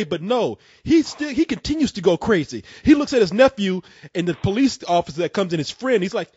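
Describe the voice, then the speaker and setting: High, lively husky-voiced man hosting. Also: fairly quick, few pauses, no room sound, muffled recording. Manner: excitable storyteller, acts out scenes with loud bursts. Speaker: call-in show host. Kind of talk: casual call-in chat.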